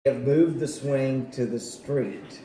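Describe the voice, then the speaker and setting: A man giving a slow, heartfelt tribute at a gathering, with many repeated words. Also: mid-range voice. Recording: echoey room, faint noise.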